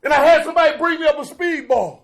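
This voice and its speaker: A middle-aged man speaks from a conference stage in a high register, telling his addiction story with blunt profanity. He keeps checking in with the crowd with "Huh?" and "You know what I'm saying?". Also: fast, a bit bright. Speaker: guest speaker at a recovery conference. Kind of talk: raw testimony speech.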